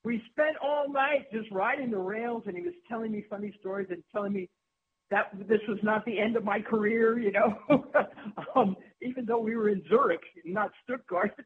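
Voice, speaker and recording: A woman tennis broadcaster telling lively stories as an interview guest, laughing often and restarting her sentences. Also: mid-range voice, moderate pace. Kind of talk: anecdotal interview storytelling. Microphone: phone. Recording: tinny phone line with faint hum.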